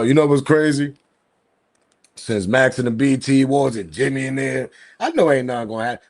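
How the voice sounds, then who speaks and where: A man hosting a casual livestream, reading the chat and talking in relaxed slangy street speech, his voice leaping high when he quotes himself. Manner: animated, laughing, slangy street talk, pitch jumps high when quoting himself.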